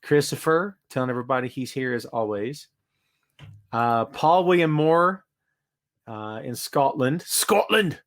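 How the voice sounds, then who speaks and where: A man's voice: medium pitch, unhurried. A man hosting a casual live-stream podcast from his home studio, chatting and greeting viewers by name. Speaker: podcast host.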